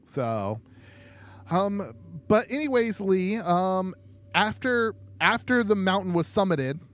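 A young man co-hosts a podcast in a loose, casual chat. His voice sits a little high, and he meanders through his points with plenty of ums and offhand jokes. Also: very animated, slow pace, fairly bright tone. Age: young adult. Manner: rambling, many ums, laid-back joking. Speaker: podcast co-host.

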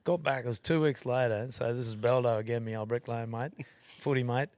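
A man's voice: medium pitch, fairly even intonation, brisk, darkish tone, no room sound. A man with an Australian accent, a podcast guest telling a rambling, swear-filled story and correcting himself as he goes. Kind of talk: casual storytelling.

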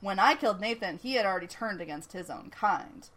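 A woman's voice: mid-range voice, animated, a little fast, fairly bright tone. Woman voicing a smug taunting male villain. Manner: sly, taunting.

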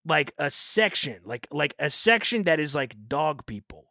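A high, bright-toned man co-hosting a comedy podcast. His pitch swings widely as he riffs and swears, with a gravelly rasp in his voice. The recording is dry and close-miked. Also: a little slow, no echo. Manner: animated, swears freely, slips into silly accents for bits. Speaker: podcast co-host. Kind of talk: casual comedic podcast banter.

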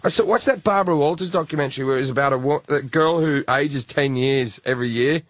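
A man's voice: fairly high pitch, fast talker, dry recording. A man telling crude stories in casual podcast banter, laughing as he goes. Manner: crude, animated storytelling with laughter. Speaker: comedian guest telling stories.

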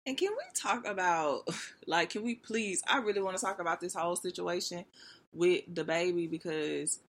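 A woman's voice: fairly low pitch, normal speed. A woman vlogger talking straight to her viewers in a loose, gossipy rant. Her voice jumps around as she gets worked up. She leans on slang and "like" throughout. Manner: animated and expressive, with slangy filler-heavy talk. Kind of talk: casual gossip rant to camera.

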